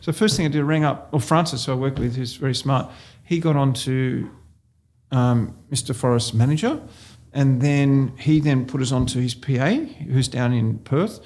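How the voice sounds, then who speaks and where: An Australian real estate agent tells anecdotes in a casual interview, laughing often as he goes. He's an animated storyteller with a mid-range voice and a moderate pace.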